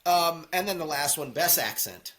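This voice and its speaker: A man co-hosting a casual podcast, chatting about movies and sports with a laughing, animated manner. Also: on the high side, normal speed. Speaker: podcast co-host.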